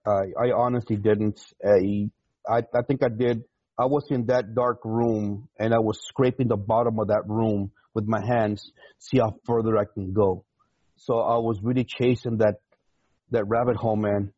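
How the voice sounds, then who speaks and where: Husky-voiced man telling his story haltingly. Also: fairly low pitch, steady tone, warm tone, dry recording, highs cut off. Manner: emotional, halting, repeats words, laughs often. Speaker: podcast guest, retired navy chief. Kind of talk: candid storytelling in an interview.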